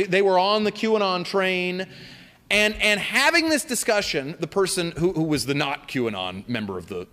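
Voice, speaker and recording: A man answering audience questions as a guest philosopher at a public talk, speaking in an animated, expansive way with spirited emphasis. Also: sits high. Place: lecture hall at a college event. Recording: hall reverb.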